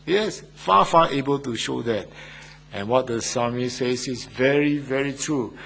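A male preacher with a husky, slightly rough voice delivers a sermon in an emphatic style. He keeps turning to the congregation with rhetorical questions. His pitch sits in an ordinary middle range. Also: expressive, a little slow.

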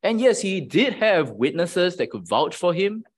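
In a high, very animated voice at a measured pace, a man delivers his sermon as a conversational lesson. He keeps checking in with his listeners through frequent "right?" asides.

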